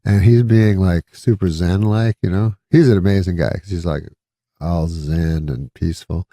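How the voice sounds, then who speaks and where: Gravelly low-voiced man telling a rambling story. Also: fairly even intonation, moderate pace, dark tone, dry recording. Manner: dry, meandering storytelling with quoted voices and chuckles. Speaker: comedian telling stories on a talk show. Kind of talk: casual anecdote telling.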